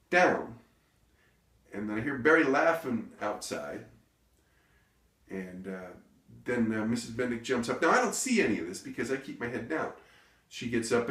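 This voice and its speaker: A comedian rambling through a comic story with self-interruptions and deadpan asides. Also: male voice, mid-range voice. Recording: echoey room, distant mic.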